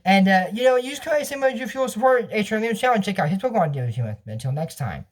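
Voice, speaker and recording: A man's voice: high-pitched, lively intonation, fast talker. A young man casually recapping a cartoon episode, rambling with restarts and laughing at his own jokes.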